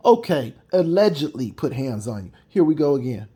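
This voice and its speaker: Man, mid pitch, reaction commentary, emphatic, repetitive, mocking. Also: big pitch swings, moderate pace, warm tone, slightly rough. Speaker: video commentator.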